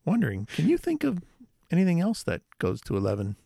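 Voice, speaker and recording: A man's voice: fairly high pitch, wildly swooping pitch, fast, creaky, dark tone, breathy edge, no echo, studio quality. A man co-hosting a podcast in casual chat, playful and teasing his partner. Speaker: podcast co-host.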